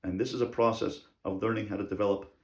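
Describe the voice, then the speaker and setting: A man teaching as a rabbi in a religious lecture on parenting, speaking deliberately and repeating key phrases for emphasis. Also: lowish voice, steady tone, reverberant.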